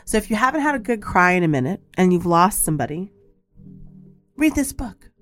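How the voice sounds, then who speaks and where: A woman's voice: on the low side, sing-song, fast talker, fairly bright tone, soft background music. A woman hosting a podcast, telling a personal story in a candid, emphatic way, repeating her points and sometimes swearing. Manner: blunt, occasionally swears. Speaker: podcast host.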